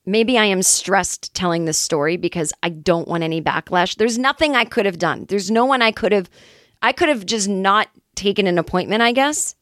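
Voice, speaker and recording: A woman's voice: medium pitch, moderate pace, a bit bright, dry recording, clean studio sound. A woman comedian telling a long personal story in a casual, rambling, self-deprecating way, with the odd swear word. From Los Angeles area, California. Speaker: comedian, podcast host.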